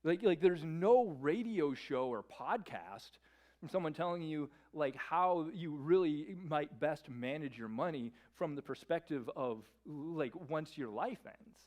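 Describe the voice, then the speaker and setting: A male pastor preaching a sermon as an animated storyteller, peppering his speech with "like.". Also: fairly high pitch, measured pace. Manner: animated storyteller, lots of filler "like". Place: church service.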